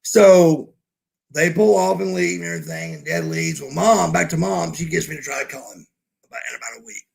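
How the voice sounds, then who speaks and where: As a podcast guest, a man tells a casual story in a blunt, profane manner, acting out the quoted lines of the people involved. His voice is fairly high, sing-song, brisk and gravelly.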